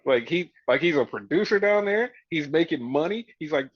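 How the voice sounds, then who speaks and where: Excitable man recapping, higher voice, dry lo-fi. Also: normal speed, hardly any pauses, no echo. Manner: profane, animated retelling with mimicked quotes. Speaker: podcast host. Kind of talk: casual wrestling recap chat. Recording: dull, dry lo-fi audio.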